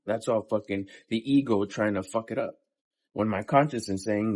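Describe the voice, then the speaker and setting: Between workout sets in a day-in-my-life vlog, a man in his fifties gives a casual, profane motivational talk. His mid-range voice is animated and moderately paced, and his manner is blunt and pep-talking.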